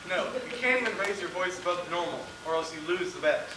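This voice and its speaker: A young man playing a friend who briskly goads another into a bet in a school stage play. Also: sits high, expressive. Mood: goading. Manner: brisk, goading. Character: smug friend proposing a bet. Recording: echoey hall, from far, noisy.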